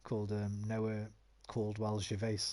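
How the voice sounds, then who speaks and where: A man's voice: fairly low pitch, completely flat delivery, measured pace, warm tone. Chatty West Midlands man streaming a game. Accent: West Midlands English. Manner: chatty, rambling, swears freely. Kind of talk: casual gaming commentary.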